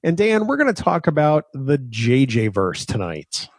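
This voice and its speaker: A man co-hosting a fan podcast, measured and plain-spoken, moving between chat and sponsor notes. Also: medium pitch, wildly swooping pitch, slightly rough, no echo. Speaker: podcast co-host. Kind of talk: casual chat.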